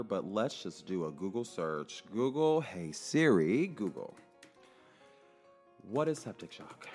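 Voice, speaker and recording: A man telling a story in a casual, emphatic monologue, now and then cursing. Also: deep voice. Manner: animated, emphatic, swears freely. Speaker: clinic worker telling a story.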